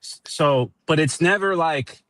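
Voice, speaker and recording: A man's voice: on the high side, unhurried, a bit bright. A man speaking as a guest in a debate, hesitant and defensive, often restarting his sentences.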